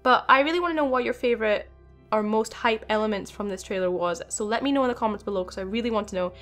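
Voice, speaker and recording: A young woman hosting a gaming channel, talking in an excited, rambling way with many fillers. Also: on the high side, fast talker, soft background music. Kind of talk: casual video game commentary.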